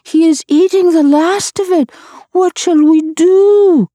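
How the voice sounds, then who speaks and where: A woman voicing a chorus of timid, fretful jungle night creatures in a storybook, shrill and wailing. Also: slow, dark tone, dry recording, clean studio sound.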